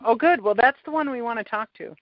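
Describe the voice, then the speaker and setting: A woman hosting a podcast, calmly guiding a client through a tapping session step by step. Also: on the high side, fast, no echo. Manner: calm, coaching, gives step-by-step prompts. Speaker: tapping practitioner and podcast host. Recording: dull, lo-fi sound.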